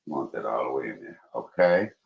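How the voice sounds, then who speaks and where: A man chats to his livestream viewers while he cooks, calling them y'all. His voice sits very low but swings into sudden high, excited bursts. The sound is roomy and a little dull, like a home kitchen heard through a modest stream mic. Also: brisk, vocal fry. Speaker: livestream host cooking. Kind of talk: casual livestream cooking chat.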